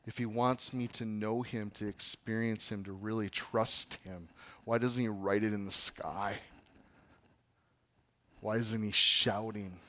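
Dramatic preacher man, loud to whispered. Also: on the low side, steady tone, unhurried. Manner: dramatic, swings from shouting to hushed whispers. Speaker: pastor. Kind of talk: sermon.

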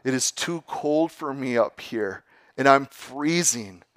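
A man's voice: mid-range voice, animated, takes it slowly, fairly bright tone, dry recording. A man voicing a cunning, persuasive rattlesnake in a story told during a sermon. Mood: pleading. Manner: pleading then coolly blunt.

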